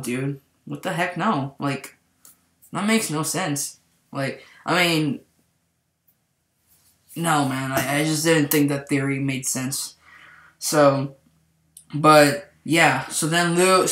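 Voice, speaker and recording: A man's voice: a little high, bright, forceful tone. A man giving a casual spoken movie review, rambling and saying "like" constantly. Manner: rambling, heavy use of "like". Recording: echoey room.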